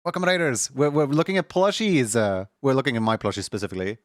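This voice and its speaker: A man's voice: mid-range voice, quick pace, no room sound, clean studio sound. A young man streaming at home in casual chat, rambling with lots of filler words and frequent laughs. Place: home room.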